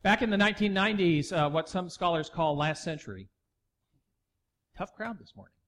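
A middle-aged pastor preaching a sermon, telling a story and acting out the dialogue before building to emphatic preaching. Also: male voice, high-pitched, moderate pace, a bit bright.

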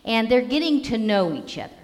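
A woman pastor giving a sermon in a measured, storytelling manner. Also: on the high side, very animated, darkish tone. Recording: long reverb of a hall.

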